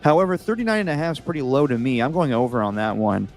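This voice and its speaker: A man co-hosts a laid-back football picks chat, reading each matchup before riffing on his own calls. His voice sits at an ordinary middle pitch and comes through a video call. Faint music plays underneath. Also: fast talker. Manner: relaxed, reads matchups then riffs on picks. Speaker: co-host reading out games and picks. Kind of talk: casual sports picks chat.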